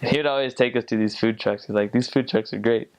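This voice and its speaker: A man's voice: medium pitch, steady tone, fast talker, darkish tone. A young man who served as a missionary tells stories in a casual, rambling way, full of fillers and restarts. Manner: rambling, many fillers and restarts, imitates accents. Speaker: returned missionary. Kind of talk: casual storytelling.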